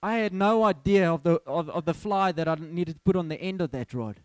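A man preaching, his voice sitting a little high for a man. He tells his story in a lively way and acts out his own dialogue. The sound is dry and close, with no room echo. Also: brisk, clear, resonant tone. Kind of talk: sermon.

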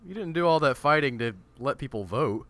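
Bright-voiced man with wry humor. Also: mid-range voice. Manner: measured, wry, deadpan jokes. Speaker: guest. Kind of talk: casual chat.

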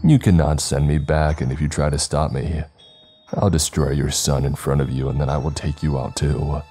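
A man's voice: steady tone, moderate pace, warm tone, soft background music. Man putting on Mister Grimm, a gurgling demon boy. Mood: threatening. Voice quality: deep and gurgling. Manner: coldly polite, threatening. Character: menacing demonic ghost boy, male, gurgling.

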